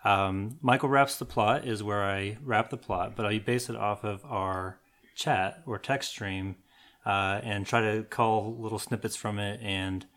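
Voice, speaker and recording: A man's voice: fairly low pitch, fairly even intonation, measured pace, fairly bright tone. Playful man hosting a podcast. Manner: playful, laughing often. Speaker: podcast host. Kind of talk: casual chat, rapping a written recap.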